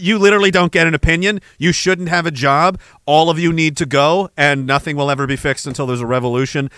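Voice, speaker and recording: A man's voice: on the high side, fairly bright tone, clean tone, no echo. A man ranting angrily and sarcastically, swearing as he reacts to clips. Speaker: online commentator. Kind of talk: profane reaction rant.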